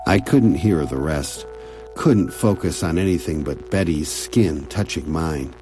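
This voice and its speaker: A man narrating an audiobook story in a quiet, measured, intimate way. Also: extremely low pitch. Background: soft music.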